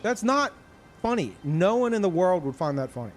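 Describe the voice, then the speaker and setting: A man streaming live in casual chat, ranting in an animated and profane way. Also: a little high, fast talker.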